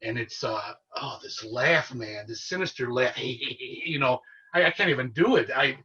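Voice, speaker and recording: A man with a bright, edgy and somewhat husky voice tells a story in an earnest, excitable way. He sounds set back from the microphone, and the recording is dull and lo-fi. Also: mid-range voice, unhurried, recorded from a distance. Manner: earnest, excitable storyteller who relives events. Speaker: paranormal investigator guest. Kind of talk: casual storytelling interview.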